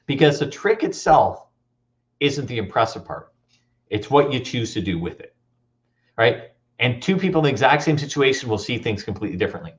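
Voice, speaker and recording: A motivational speaker gives an animated talk at a school assembly, telling stories and quizzing the audience with questions. His mid-range voice runs a little fast. The recording is dull and lo-fi.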